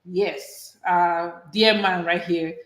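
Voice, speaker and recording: A woman's voice: on the low side, steady tone, slow pace, a bit bright. A woman co-hosting a casual movie review, walking through the plot in a conversational way. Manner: conversational storytelling with fillers. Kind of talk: casual chat. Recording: echoey room.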